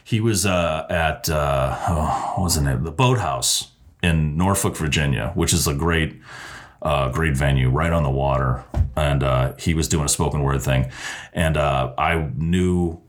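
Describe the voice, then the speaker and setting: A man's voice: a bass voice, unhurried, a little hiss or hum. A man who hosts radio, a guest on a podcast, telling a story in loose, profane chat full of fillers and restarts. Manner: acts out quoted people in lively voices.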